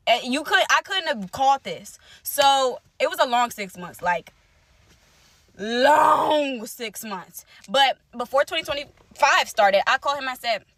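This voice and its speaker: A young woman telling a personal story to her viewers in casual, animated speech, repeating phrases for emphasis. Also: a little high, no room sound. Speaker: storytime creator.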